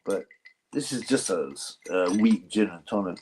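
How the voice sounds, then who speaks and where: A man's voice: low-pitched, a little slow, a little mellow, slight background noise. A man hosting a casual livestream, talking in a rambling, mocking and jokey way. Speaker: livestream host.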